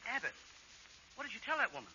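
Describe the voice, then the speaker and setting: A man's voice: very high voice, huge pitch swings, quick pace. A man who is a comedian, in 1940s radio comedy, with a whiny, indignant wisecracking manner. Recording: dull 1940s radio broadcast, faint hiss.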